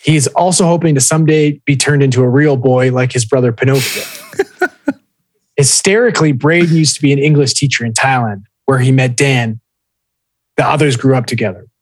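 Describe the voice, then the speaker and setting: A man's voice: medium pitch, a little fast, dry recording, low-quality recording. A man co-hosting a casual podcast, telling a story with lots of swearing and reading listener posts aloud. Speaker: podcast co-host.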